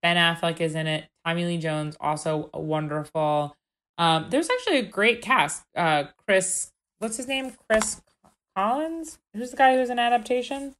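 A young woman co-hosts a podcast in loose, animated conversation. Her voice sits a little low but has a bright, forceful edge. She exclaims readily and swears freely. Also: moderate pace. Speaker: podcast co-host. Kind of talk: casual chat.

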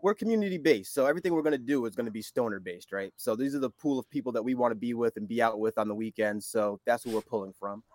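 A man's voice: medium pitch, quick pace, few pauses, a little mellow, no room sound. A man appearing as a guest on a casual podcast, easygoing and upbeat as he promotes his event.

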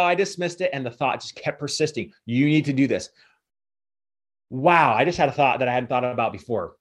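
Man, motivational speaker, fairly high voice, emphatic repetitive pep talk.

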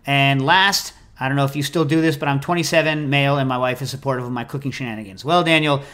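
A man hosting a podcast in casual chat, talking in an animated, rambling, jokey way. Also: mid-range voice, fast. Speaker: podcast host.

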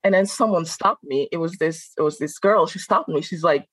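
A woman from Benin talks as a guest on a podcast, her voice sitting fairly low. She tells her stories in an animated, casual way, laughing often and acting out what people said. The sound is dry and close, with no room echo. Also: moderate pace, breathy edge. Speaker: guest, food content creator. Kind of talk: casual conversational storytelling.

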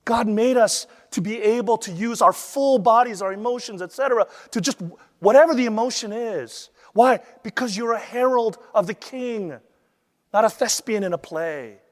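A man teaching how to deliver a sermon, lively and acting out the voices he quotes. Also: sits high, normal speed, big-room sound. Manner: animated, acts out quoted voices. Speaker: preaching instructor.

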